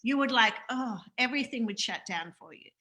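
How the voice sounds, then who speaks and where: Brief: Australian woman host, effusive and earnest, fairly high, bright voice. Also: animated, fairly quick, poor audio. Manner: earnest, effusive, many fillers. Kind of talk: spiritual interview chat.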